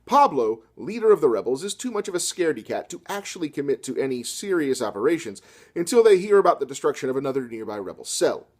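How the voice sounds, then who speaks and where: A man delivering a satirical scripted literature lecture with deadpan, sarcastic asides. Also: fairly high pitch, fast. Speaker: comedy lecturer.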